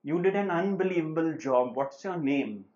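A man's voice: fairly high pitch, expressive, moderate pace, a little mellow, natural voice. A man telling a joke as a bewildered burglar. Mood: musing. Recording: slightly dull lo-fi recording.

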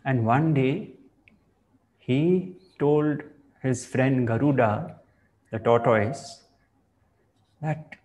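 A man giving a spiritual discourse as a teacher, in measured, reflective phrasing. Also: medium pitch, expressive, darkish tone.

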